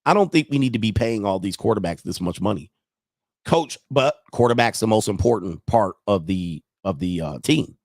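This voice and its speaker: A man's voice: lowish voice, lively intonation, normal speed, creaky, darkish tone, no room sound, studio quality. A man hosting a casual sports livestream, thinking aloud as he goes and chuckling often while he reads viewer messages. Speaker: sports show host.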